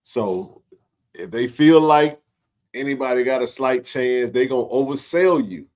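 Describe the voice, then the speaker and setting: A man's voice: mid-range voice, a little slow. Joking male talk host. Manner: animated, joking, colloquial. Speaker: sports talk show host. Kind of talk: casual livestream chat.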